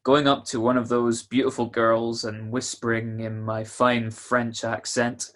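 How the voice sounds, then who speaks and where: An actor playing a jovial male announcer of an old-time radio show, with a husky voice and folksy, salesman-like patter. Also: medium pitch, level tone, unhurried, a bit bright, close to an everyday voice. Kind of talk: 1940s radio acting.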